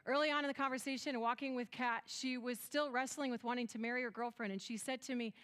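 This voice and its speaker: A woman with a West Michigan accent speaks at a conference in a high voice. She is earnest and tells stories, slipping into other people's lines of dialogue along the way. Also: brisk, few pauses, fairly bright tone. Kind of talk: conference talk.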